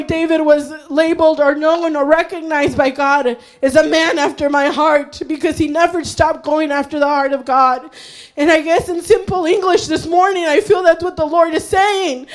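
A woman's voice: high-pitched, fairly even intonation, normal speed. A woman preaching an impassioned sermon, her voice straining as she builds to fervent cries. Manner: fervent, rising to shouts and cries.

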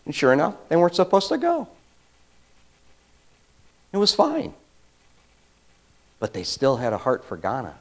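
A man preaching a conversational sermon as a pastor, swinging between quiet asides and loud emphatic bursts and acting out quotes. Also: on the high side, huge pitch swings, a little slow, pauses often, low-quality recording.

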